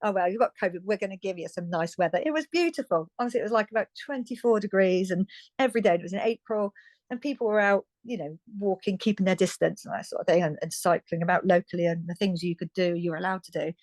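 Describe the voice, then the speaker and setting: A woman's voice: medium pitch, fast talker, a little mellow, no room sound. A British woman in her fifties, a guest telling her story in a frank, chatty way, often restarting and laughing lightly. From United Kingdom. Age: 50s. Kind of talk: candid conversational storytelling.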